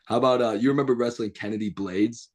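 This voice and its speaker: Husky young man telling wild stories. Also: mid-range voice, quick pace. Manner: animated, profane, laughs through stories. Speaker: podcast guest. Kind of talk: casual storytelling chat.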